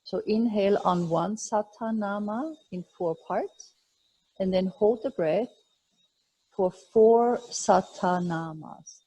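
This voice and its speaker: Yoga teacher lady, super slow and calm, soft mellow voice kinda breathy. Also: medium pitch, rough recording. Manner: slow, calm, soothing guidance. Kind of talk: guided yoga instruction.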